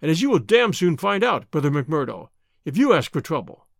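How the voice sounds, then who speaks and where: A man's voice: on the high side, very animated, fairly quick, gravelly, no echo, clean studio sound. A man doing a domineering, blustering lodge boss. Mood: commanding. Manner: loud, commanding, switches to hearty bluster. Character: burly domineering male lodge boss, bluff and menacing.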